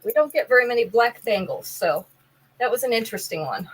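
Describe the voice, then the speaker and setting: Woman, live-sale host, casual chat, detailed item descriptions, playful, slightly high voice. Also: expressive, fairly quick, slightly rough, low-quality recording. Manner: chatty, describes items in detail, jokes with viewers.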